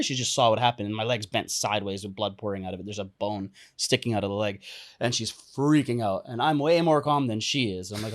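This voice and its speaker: Young man as podcast guest, lively storyteller who laughs a lot and acts out the voices of the people in his story. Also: mid-range voice, a little fast. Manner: animated, laughs often, acts out quoted lines. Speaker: podcast guest, entrepreneur and coach. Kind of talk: casual storytelling interview.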